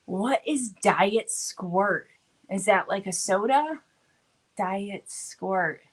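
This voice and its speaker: A woman's voice: medium pitch, lively intonation, very slow. A woman hosting a casual craft live stream, chatty and full of fillers, with allergies bothering her. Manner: chatty, filler-heavy, laughs often. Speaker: craft channel host.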